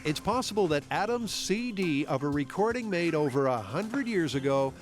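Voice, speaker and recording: A male documentary narrator reads a scripted voice-over in a bright, playful way. His voice sits a little high and swoops widely in pitch, and clear background music runs under him. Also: very animated, moderate pace.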